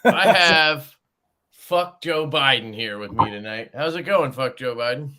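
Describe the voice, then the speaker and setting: A man hosting a casual livestream, with a bright, forceful voice. He jokes crudely, swears freely and calls out viewers by name between bits of chat. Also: mid-range voice, lively intonation, a little slow. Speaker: host.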